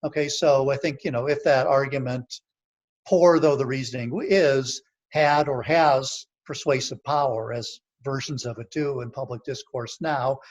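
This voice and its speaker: Man, lecture, patient explainer, keeps asking "right?", video call, average pitch. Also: fairly even intonation, measured pace, lo-fi sound. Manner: explanatory, checks in with "okay" and "right". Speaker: author giving a library presentation.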